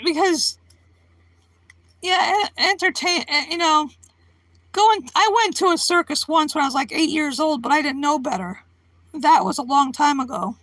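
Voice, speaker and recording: A woman's voice: high voice, moderate pace, a bit bright, dry recording. A woman live streaming, chatting casually with her viewers in a rambling, giggly way and laughing often.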